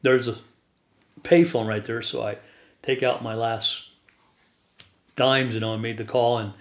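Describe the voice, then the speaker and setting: A man's voice: medium pitch, a little slow. Man, guest storyteller, rambling, laughs often, echoey room. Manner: chuckles often while telling stories. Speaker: guest telling his life story.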